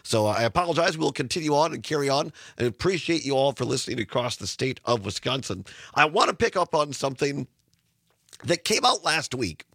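A middle-aged man hosting a radio talk show, hoarse and raspy from sinus trouble, rambling and repeating words as he talks. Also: mid-range voice, animated, brisk, a bit bright, no room sound, clean studio sound. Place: radio studio. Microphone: studio microphone.

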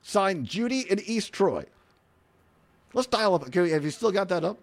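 High, lively-voiced male radio host. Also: moderate pace. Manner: animated and mocking, laughs often. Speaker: radio talk show host. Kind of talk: opinionated talk radio. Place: radio studio.

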